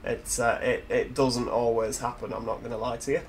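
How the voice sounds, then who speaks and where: A man with a Yorkshire accent talks his way through a driving game in a loose, jokey style, mid-pitched and full of self-mocking asides. A faint hiss of background noise runs under his voice. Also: steady tone, normal speed. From Yorkshire, England. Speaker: gaming video host. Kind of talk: casual gameplay commentary.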